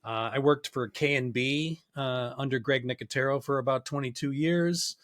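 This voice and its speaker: A man's voice: mid-range voice, moderate pace, fairly bright tone, no room sound. A middle-aged man who works in makeup effects, chatting as a podcast guest with laid-back, dry humor. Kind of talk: casual podcast chat.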